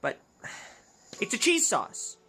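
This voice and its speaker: A man's voice: takes it slowly, bright, forceful tone. A man hosting a let's play, chatting casually in a rambling, jokey way that keeps interrupting itself. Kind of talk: casual gameplay chat.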